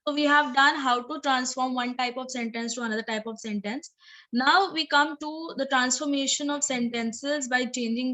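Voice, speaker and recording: A woman's voice: a little high, bright, forceful tone, poor audio. A woman teacher explaining English grammar in a recorded lesson, repeating and rephrasing points and checking in with "okay" and "right".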